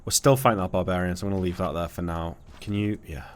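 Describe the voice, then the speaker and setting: A man learning a strategy game from a friend, asking lots of questions and cursing at setbacks. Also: low-pitched. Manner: quick, curious, asks questions and grumbles with swearing. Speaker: friend, new player. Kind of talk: casual gameplay chat.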